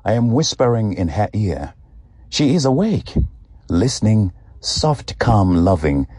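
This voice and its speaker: A man reading a personal essay aloud with slow, deliberate, expressive delivery. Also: lowish voice, slightly rough, dry recording, studio quality. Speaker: guest reader.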